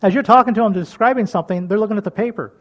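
Older man, preacher, folksy sermon, high-pitched, loud calls and soft whispers. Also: rapid-fire. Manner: folksy, chuckles often. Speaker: pastor.

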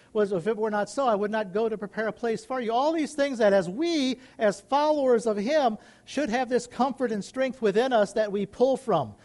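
A man's voice: high voice, darkish tone. A middle-aged male pastor preaching a sermon, rising into emphatic calls and questions to the congregation.

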